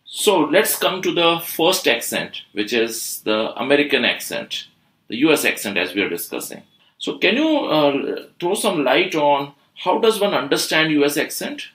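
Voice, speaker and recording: A man's voice: fairly high pitch, very animated, moderate pace, fairly bright tone, echoey room. A man hosting an English-learning podcast, asking his guest upbeat questions. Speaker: podcast host and institute founder.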